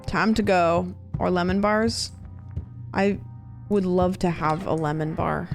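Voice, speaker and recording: Slow-talking woman streamer. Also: on the low side, fairly even intonation, faint music behind. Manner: joking, reads game text aloud. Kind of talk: casual gameplay commentary.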